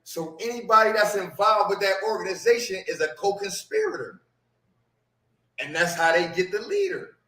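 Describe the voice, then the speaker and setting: A man's voice: high voice, very animated, normal speed, pushed and bright. A man in a casual podcast discussion who explains things by repeating key phrases. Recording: roomy echo.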